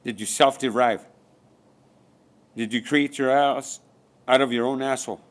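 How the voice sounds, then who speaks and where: A man's voice: medium pitch, steady tone, measured pace. A man delivering a rambling spiritual monologue, firing rhetorical questions and swearing often. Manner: profane, rhetorical, repeats questions. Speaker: spiritual speaker.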